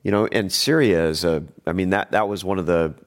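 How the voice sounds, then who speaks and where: A man's voice: low-pitched, a little fast. A man in a casual discussion who often restarts his sentences and then builds to emphatic points.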